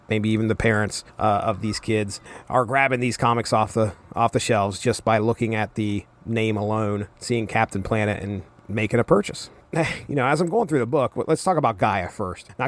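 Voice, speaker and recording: A man hosting a comics podcast, giving casual commentary with wry, rambling, amused asides. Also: mid-range voice. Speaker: podcast host.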